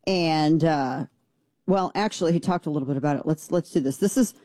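A woman's voice: deep voice, a little fast, mellow, dry recording. A woman hosting a talk radio show, giving a blunt, sarcastic and indignant opinion monologue into a studio microphone.

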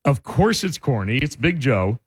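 In a radio studio, a male co-host tells stories through casual, animated banter, often breaking into laughter. His medium-pitched voice has a breathy edge and a moderate pace.

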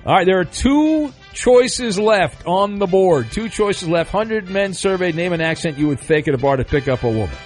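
A high-pitched man runs a radio survey game with quick, teasing banter. He pokes fun at himself between answers, and faint music plays behind him. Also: animated. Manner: quick, teasing, self-deprecating.

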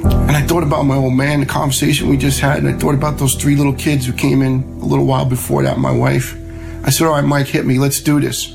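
A middle-aged man, telling a personal story in a plain, conversational way and quoting others in lively voices. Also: mid-range voice, fast talker, vocal fry, music in the background, low-quality recording. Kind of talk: personal story told to a host.

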